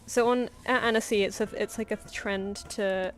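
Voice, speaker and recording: A woman's voice: medium pitch, fairly even intonation, normal speed, soft background music. A young woman chatting casually on a drawing stream, telling anecdotes with frequent laughs and acted-out quotes. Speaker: artist streaming live commissions.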